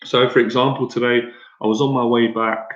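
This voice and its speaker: A man's voice: mid-range voice, flat delivery, fairly quick. A man coaching an audience in a blunt, rambling way, often repeating himself and restarting his sentences. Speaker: dating coach. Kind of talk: motivational talk to an audience. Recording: echoey room, dull lo-fi sound.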